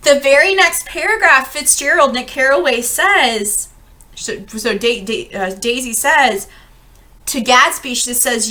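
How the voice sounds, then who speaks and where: A young adult woman leading a casual book-club lesson, chatty and animated, acting out quotes. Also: fairly high pitch, unhurried.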